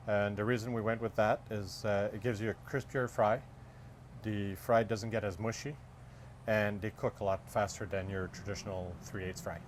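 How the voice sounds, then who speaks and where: A man's voice: lowish voice, fairly even intonation, normal speed. A man who owns a food truck, answering interview questions in a friendly, matter-of-fact way. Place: at his food truck outdoors. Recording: noisy outdoor recording with passing vehicles.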